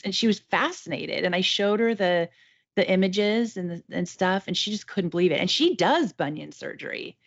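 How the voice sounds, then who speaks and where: A woman's voice: mid-range voice, moderate pace, creaky. A woman patient talking casually about her surgery, chatty and effusive, often restarting her sentences. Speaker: patient guest. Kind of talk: casual podcast conversation. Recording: dull lo-fi audio.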